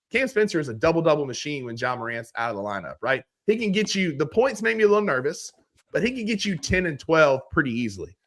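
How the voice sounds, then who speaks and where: A man's voice: on the high side, a bit bright. A man with a Mississippi accent hosting a casual sports podcast, talking in a laid-back, folksy way as he walks through betting picks. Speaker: podcast host.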